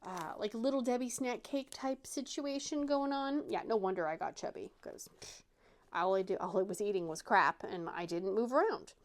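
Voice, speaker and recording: A woman's voice: mid-range voice, normal speed. A woman hosting a craft channel, telling a casual, self-deprecating story with many fillers and restarts.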